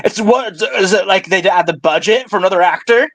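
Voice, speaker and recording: A man's voice: high voice, fairly quick, fairly bright tone, dry recording. A man co-hosting a podcast, complaining sarcastically about a TV show in casual chat. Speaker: podcast co-host.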